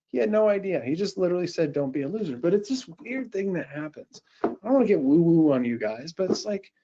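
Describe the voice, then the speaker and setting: Man, middle-aged, sales presenter, energetic conversational pitch, frequent restarts, muffled lo-fi sound. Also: a little fast, background noise. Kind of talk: live sales pitch and software demo.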